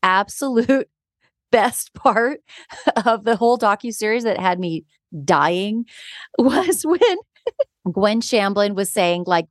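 A woman hosting a podcast in casual chat, an animated storyteller who often breaks into laughter. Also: mid-range voice, slow pace, no room sound, clean studio sound. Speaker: podcast host.

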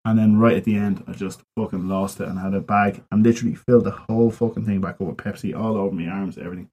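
A man's voice: fairly low pitch, fairly even intonation, fast talker, darkish tone, breathy edge, dull audio. A man co-hosting a podcast, swearing and rambling through stories in casual banter. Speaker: podcast co-host.

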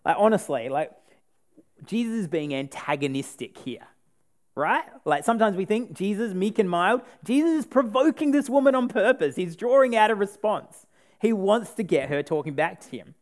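A man's voice: sits high, normal speed. A man preaching a sermon in a casual, joking way, acting out the people in the story he retells. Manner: animated, acts out the people in the story.

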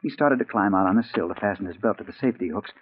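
A man's voice: on the low side, rapid-fire, slight background noise, lightly acted. A man playing a hard-boiled male crime reporter in a 1940s radio drama, narrating and talking in an urgent, anxious way. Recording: tinny old 1940s radio broadcast.

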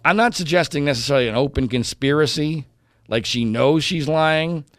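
A man's voice: a little high, normal speed, fairly bright tone, no room sound. A man giving an indignant opinion commentary monologue, mocking other voices and often restarting his sentences.

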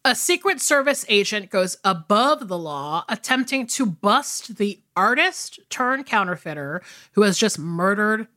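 A woman's voice: medium pitch, expressive, unhurried, hardly any pauses, pushed and bright. A woman co-hosting a movie podcast, chatting casually and rambling with lots of fillers. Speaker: podcast co-host.

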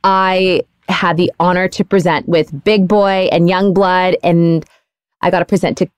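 A woman's voice: fairly low pitch, fairly even intonation, a little slow, clear, resonant tone, no room sound. A young woman hosting a casual podcast, bubbly and teasing as she chats with her co-hosts. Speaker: podcast host.

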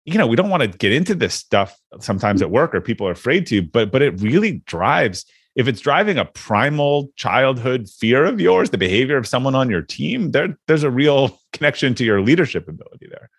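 A man's voice: medium pitch, very animated, a little fast, hardly any pauses, breathy edge, dry recording, clean studio sound. A man hosting an interview, talking earnestly and reflectively about his experiences with leaders. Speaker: podcast host. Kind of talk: casual interview chat.

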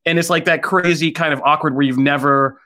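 A man's voice: on the high side, a little fast. A man co-hosting a podcast, chatting casually and retelling scenes with acted-out quotes. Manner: animated storyteller, acts out quoted lines. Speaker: podcast co-host. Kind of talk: casual podcast review chat.

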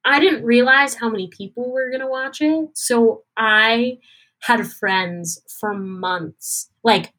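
A young woman performer chats through an anecdote in a casual interview, her voice sitting a little high. She slips into the voices of the people she quotes and keeps the story moving with animated energy. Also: takes it slowly. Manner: animated, acts out quoted dialogue. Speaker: guest performer.

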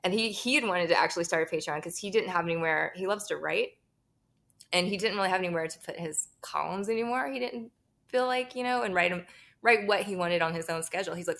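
A woman's voice: on the low side, fast, vocal fry, fairly bright tone. A woman talking candidly as an interview guest, laughing often and swearing freely. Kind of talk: casual interview chat.

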